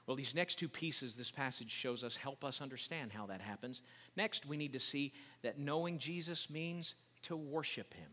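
A man's voice: mid-range voice, normal speed, long reverb tail. A male pastor preaching a sermon, explaining scripture and reading it aloud with growing intensity. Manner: builds from calm teaching to loud impassioned preaching.

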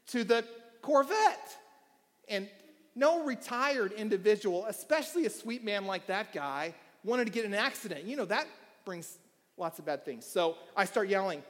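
Guy preaching a sermon in a church, tells stories, goes quiet then loud, big echoey hall. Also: high voice, lively intonation, normal speed. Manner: storytelling, shifting from quiet asides to shouting. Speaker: pastor. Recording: long hall reverb.

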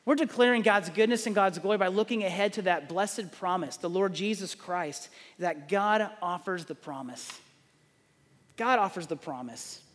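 Speaking at a normal speed in a high-pitched voice, a middle-aged man delivers a sermon inside a large hall. The pastor tells stories with lively energy, voicing each character's lines himself.

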